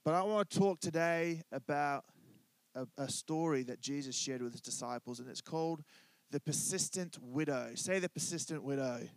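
Male pastor, relaxed joking sermon, dry close-miked voice. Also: on the high side, moderate pace, no echo. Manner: conversational, joking, asks congregation to respond. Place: church.

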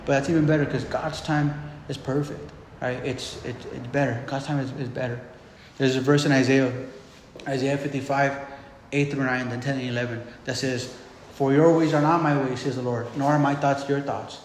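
A man's voice: medium pitch, fairly even intonation, normal speed, a little hiss or hum. A man preaching a casual, conversational sermon, often repeating words and checking in with "right?". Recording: echoey hall with long reverb.

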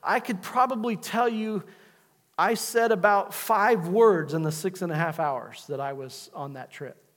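A middle-aged pastor preaches to his congregation, pressing his points home by repeating them. His voice sits high for a man. The sound rings with the long reverb of a church hall. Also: a little slow, fairly bright tone. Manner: preaching, repetitive exhortations. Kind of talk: sermon. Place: church sanctuary.

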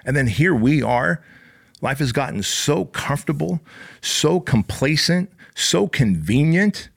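A man's voice: a little high, lively intonation, unhurried, vocal fry, slightly rough. A man giving a blunt, profane motivational talk, punching key words hard. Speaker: motivational speaker.

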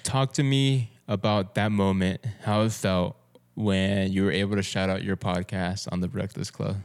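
A man with a low voice hosts a podcast. He asks questions in a loose, laid-back way and throws in a casual swear now and then. He sounds like he is in relaxed conversation. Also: normal speed, vocal fry, clear, resonant tone. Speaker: podcast host. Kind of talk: casual interview chat.

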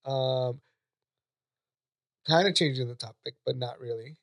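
A man's voice: medium pitch, a little slow, vocal fry. A man co-hosting a podcast in casual chat, rambling and hesitant with many restarts. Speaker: podcast co-host.

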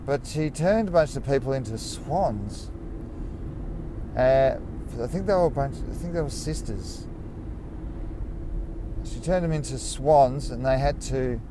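A man's voice: mid-range voice, lively intonation, a little slow, long pauses. Rambling man talking while driving. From Australia. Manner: rambling, musing, self-correcting. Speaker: podcast host. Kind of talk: casual solo podcast monologue. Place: inside a car while driving. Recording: faint road noise in a car. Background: car and street noise.

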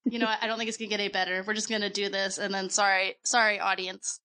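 A woman co-hosting a casual podcast at home on a good microphone, chatty and quick with self-mocking jokes. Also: mid-range voice, little pitch movement, pushed and bright. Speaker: podcast co-host. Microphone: quality home microphone.

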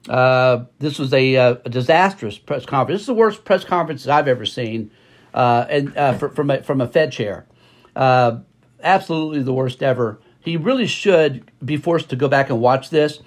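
A man's voice: mid-range voice, normal speed. A man hosting a podcast and giving opinionated market commentary, emphatic and repeating words for stress, with many fillers and restarts. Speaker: podcast host.

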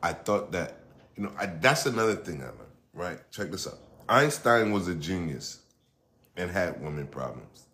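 With a deep, very animated and fairly bright voice, this middle-aged man speaks at a moderate pace on his own podcast. It's a loose solo monologue full of swearing, restarted sentences and side remarks.

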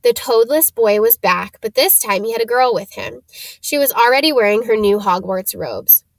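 A woman reading a storybook aloud, steady with small stumbles over names. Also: fairly high pitch, moderate pace, gravelly, dry recording. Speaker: reader.

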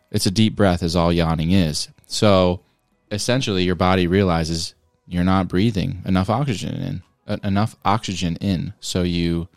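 A man's voice: low-pitched, fairly even intonation, moderate pace, no echo, faint music behind. A man co-hosting a podcast in casual chat, playful and rambling as he explains trivia. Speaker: podcast co-host.

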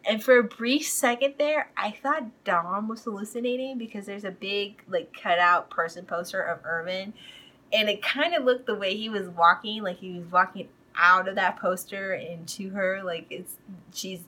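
Woman podcast host rambling through an episode recap, lots of you know, mid pitch. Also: normal speed, sharp tone, rough recording.

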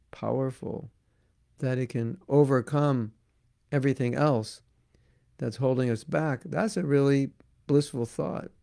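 A man's voice: mid-range voice, gravelly, dark tone, no room sound, clean studio sound. A man giving a devotional talk as a spiritual teacher, earnest and repetitive, often saying "you know", then taking viewer questions.

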